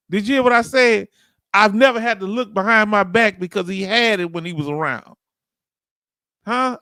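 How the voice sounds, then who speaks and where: A man's voice: sits high, sharp tone, no echo, studio quality. A man with a Southern US accent hosting a casual livestream, chatting loosely and calling out to viewers as he reads their comments. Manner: loose, folksy, calls out to viewers. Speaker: livestream host.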